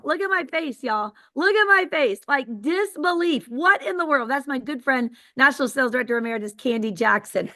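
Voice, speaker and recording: High, bright woman. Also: brisk, few pauses. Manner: excited, emphatic storytelling with faith talk. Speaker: sales director giving a motivational talk. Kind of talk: motivational storytelling on a call.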